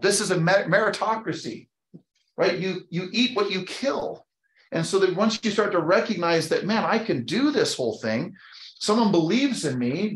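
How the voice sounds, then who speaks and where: This real estate team leader and trainer, in his fifties, speaks with a fairly bright voice that sits on the high side. Recorded with a roomy echo, he addresses an audience in a motivational training session, sharing a personal story before driving home an upbeat, emphatic call.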